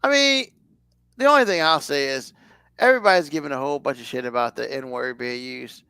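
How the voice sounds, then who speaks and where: A man's voice: mid-range voice, brisk, sharp tone, clear, resonant tone, no room sound, clean studio sound. A man co-hosting a podcast, chatting casually in a rambling way full of fillers. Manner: rambling, loose, lots of fillers. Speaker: podcast co-host. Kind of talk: casual chat.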